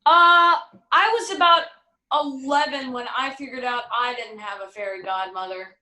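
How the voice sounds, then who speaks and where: A woman's voice: high-pitched, normal speed, bright, forceful tone. A woman playing a dry, teasing narrator who tells the tale her own way in a filmed stage play. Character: wry, unbothered female storyteller who bends the tale. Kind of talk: theatre acting in a filmed virtual production. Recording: roomy sound, far from the mic.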